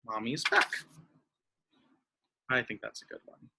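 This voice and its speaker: A young man teaching young children in an online lesson, speaking slowly in a sweet, sing-song way. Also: fairly low pitch, wildly swooping pitch, vocal fry, noisy background.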